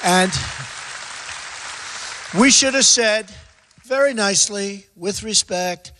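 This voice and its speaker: A man's voice: sits high, slow, crowd noise, noisy background. Rambling, emphatic man in an echoey hall. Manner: repetitive, emphatic, digressive. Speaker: candidate answering questions. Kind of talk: rambling stump-speech answers.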